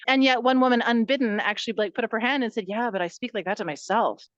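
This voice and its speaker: A woman's voice: a little high, fast, no echo, highs cut off. A woman co-hosting a podcast, talking reflectively and telling stories from her own workshops. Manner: reflective, storytelling with examples. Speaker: podcast co-host. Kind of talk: casual conversational chat.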